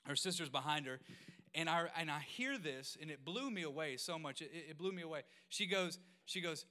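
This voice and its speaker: A man in his thirties preaching, telling animated, self-mocking stories with sudden loud exclamations. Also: on the high side, a little fast. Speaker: pastor. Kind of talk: storytelling sermon.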